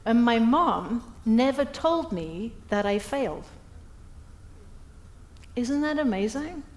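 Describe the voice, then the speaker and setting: A woman's voice: on the high side, slow pace. A middle-aged woman giving a humorous, self-deprecating storytelling speech at a breakfast event. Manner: lively, self-deprecating, acts out quotes. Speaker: keynote speaker. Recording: echoey event hall.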